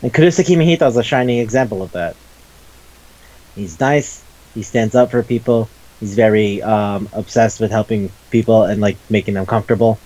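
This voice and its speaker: A man's voice: fairly low pitch, brisk, a little mellow, low-quality recording. A man co-hosting a casual chat show about manga, enthusiastic and profane, rambling with restarts. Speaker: podcast co-host.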